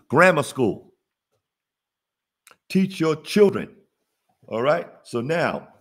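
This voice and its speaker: A man with a fairly high voice hosts a money webinar on a video call. He talks in a folksy, preachy way and keeps asking his viewers questions. His pitch swings up and down a lot. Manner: preachy, call-and-response, laughs at own jokes. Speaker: webinar host, business funding teacher. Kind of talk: casual motivational webinar teaching.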